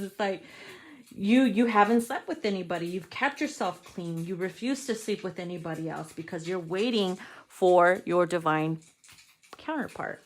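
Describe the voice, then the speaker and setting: A woman doing a casual tarot card reading, frank and playful, swearing freely, calling her viewers darling, and slowing down to read card text aloud. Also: lowish voice.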